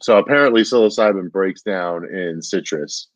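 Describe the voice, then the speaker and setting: With a low voice at a moderate pace, this stand-up comic wanders through a story in casual conversation, saying "dude" nonstop and leaning on "like" and other fillers. The sound is dry, dull and lo-fi, with no room tone.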